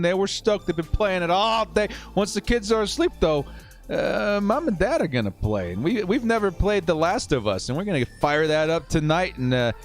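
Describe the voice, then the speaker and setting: Man, 30s, high voice, live stream host, excited game commentary, reads donations, shouting, faint music behind. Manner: exuberant, shouting, reading donations aloud. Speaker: live stream host of a fan watch party.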